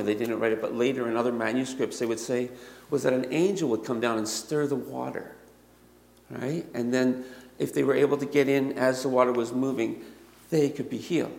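A man preaching a sermon in a conversational way that builds to animated emphasis, heard in a church hall. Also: mid-range voice, creaky. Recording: echoey hall, long reverb.

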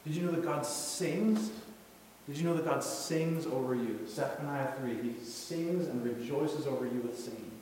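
A man's voice: medium pitch, moderate pace, a little mellow. Male pastor in an echoey hall. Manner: casual, storytelling, acts out quotes. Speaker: youth pastor. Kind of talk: sermon. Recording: echoey hall, distant mic, faint noise.

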